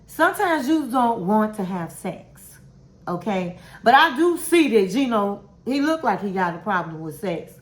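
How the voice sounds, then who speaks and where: A woman's voice: medium pitch, sing-song, a little slow. A woman hosting a casual reality TV recap, giving candid, sassy opinions and calling her viewers honey and girl. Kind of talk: casual commentary. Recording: roomy echo.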